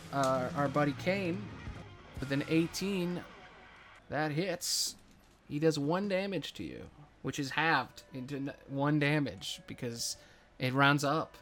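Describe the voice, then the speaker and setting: A man narrating as game master of a tabletop game, casual with dramatic pauses. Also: a little high, a bit bright, soft background music.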